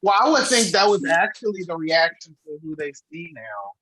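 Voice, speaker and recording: A woman's voice: fairly low pitch, very animated, normal speed, fairly bright tone, rough recording. A woman co-hosting a podcast, chiming in with amused reactions. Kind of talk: casual chat.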